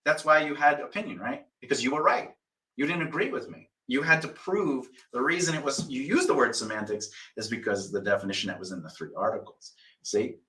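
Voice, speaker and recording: A man's voice: medium pitch, expressive, a little fast, sharp tone, distant mic. A man insistently lecturing a younger colleague in a heated casual argument. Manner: insistent, lecturing, mimics others. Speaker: mentor. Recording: echoey room, off-mic.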